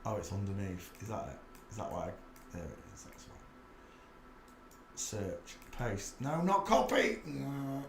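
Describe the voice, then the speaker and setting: A man's voice: lowish voice, expressive, a little slow, vocal fry, pauses often, darkish tone, echoey room, slight background noise. A man with a Yorkshire accent giving a muttered running commentary as he browses images for his channel. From England. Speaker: channel host.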